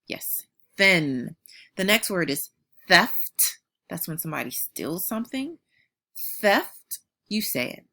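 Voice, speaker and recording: Bright, lively woman teaching phonics. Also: on the low side. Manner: slow, clearly modeled sounds with patient praise. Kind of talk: phonics lesson for young children.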